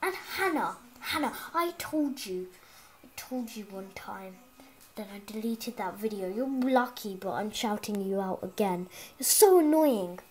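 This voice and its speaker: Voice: medium pitch, measured pace. A child gaming vlogger chatting casually on a headset mic at home, rambling with lots of ums and restarts. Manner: excitable, chatty. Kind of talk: casual gaming vlog chat.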